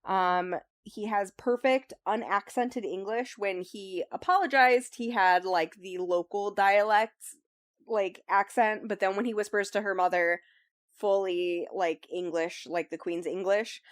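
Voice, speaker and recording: A woman's voice: medium pitch, measured pace, no echo, studio quality. Chatty young woman recapping a book. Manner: rambling, filler-heavy, says "like" and "um" often. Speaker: book club host recapping the book. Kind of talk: casual podcast chat, summarizing a novel.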